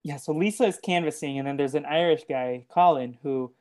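A man's voice: a little high, a little mellow. A man co-hosting a podcast, casually recapping a movie with lots of ums and restarts. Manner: halting, full of ums and restarts. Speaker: podcast co-host.

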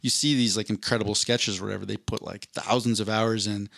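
A man's voice: fairly low pitch, fairly even intonation, brisk, gravelly, a bit bright, slight background noise. A man co-hosting a podcast, telling a long casual story with lots of restarts and self-corrections. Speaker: podcast co-host. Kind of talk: casual chat.

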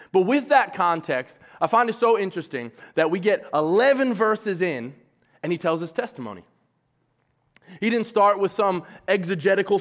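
Male preacher, slightly high voice, casual and animated sermon delivery. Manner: animated, casual, acts out quotes in a lively voice.

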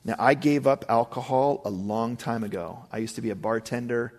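A man's voice: medium pitch, steady tone, normal speed, a little mellow. A male pastor giving a conversational sermon, emphatic with frequent asides to the congregation.

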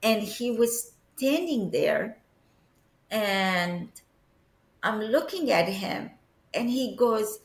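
An Egyptian woman, a guest in an interview, earnestly tells a personal story in an echoey room, sometimes searching for words. Her medium-pitched voice is expressive, stretching words out and pausing often.

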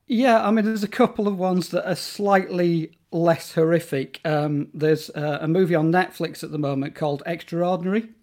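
A man's voice: on the high side, fairly even intonation, normal speed, few pauses, a little mellow. A man talking as a guest in a casual interview about horror films, enthusiastic and rambling, with plenty of fillers and restarts.

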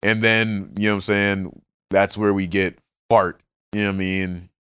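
A man chatting casually on a podcast, recapping a story in animated, slang-heavy, profane bursts. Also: fairly low pitch, moderate pace, clean tone, no echo, clean studio sound. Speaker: podcast co-host. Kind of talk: casual chat recapping a manga.

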